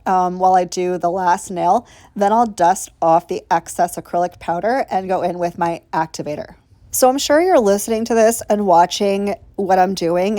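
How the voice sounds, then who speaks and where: A mellow, medium-pitched woman's voice comes through a dry recording. It's a nail vlogger's voiceover, done separately from the video, where she explains each step of her tutorial in a chatty way, gushing and casually swearing throughout.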